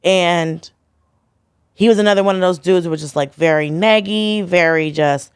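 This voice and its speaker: A woman's voice: fairly low pitch, normal speed, clean tone, dry recording, clean studio sound. A woman comedian from the United States, telling stories bluntly and with energy in a casual podcast chat, acting out the dialogue she quotes. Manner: animated storytelling, acts out quoted dialogue, blunt. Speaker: guest comedian.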